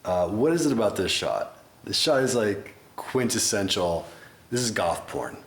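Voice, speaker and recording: A man hosting a music reaction video, talking in a rambling, excitable way with mock-scared asides. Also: lowish voice, a little slow. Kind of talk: casual reaction commentary. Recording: echoey room with faint noise.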